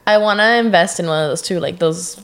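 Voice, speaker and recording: A woman co-hosting a podcast in casual chat, talkative and quick to jump in with her opinions. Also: lowish voice, a bit bright. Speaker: podcast co-host.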